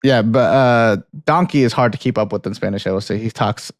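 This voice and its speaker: A man co-hosting a film podcast, chatting casually in a relaxed, rambling way with frequent laughs. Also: lowish voice, fairly quick, no echo, clean studio sound. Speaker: podcast co-host. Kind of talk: casual chat.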